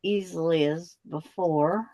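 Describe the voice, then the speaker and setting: A woman hosting a quilting livestream, chatting casually and calmly while she works. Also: fairly low pitch, no room sound. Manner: relaxed, chatty, drawn-out pace. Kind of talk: casual chat while crafting.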